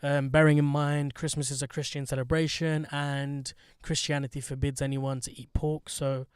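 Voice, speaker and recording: A man's voice: on the high side, flat delivery, normal speed, smooth, dry recording, studio quality. A man hosting a podcast, chatting in a blunt, joking, sweary way with lots of slang. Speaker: podcast host. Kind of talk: casual chat.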